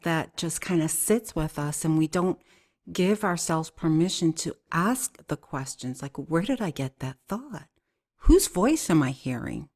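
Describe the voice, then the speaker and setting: Woman, interview host, affirming, lowish voice. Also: a little mellow. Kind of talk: interview conversation.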